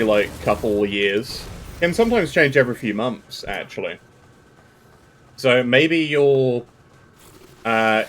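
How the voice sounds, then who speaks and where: A man's voice: mid-range voice, a little hiss or hum. Joking British man on a game stream. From Britain. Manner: joking and rambling, chatting with viewers. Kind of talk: casual live-stream chat.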